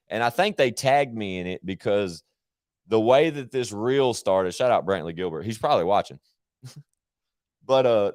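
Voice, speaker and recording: A man's voice: on the low side, dry recording, studio quality. A man chatting casually on his live stream, rambling, slangy and full of swearing.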